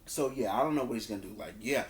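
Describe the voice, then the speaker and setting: A man giving a casual spoken review of a wrestling show. He talks loosely, repeats words and restarts, and acts out quotes in a higher voice. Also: rapid-fire, slight background noise. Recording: roomy echo.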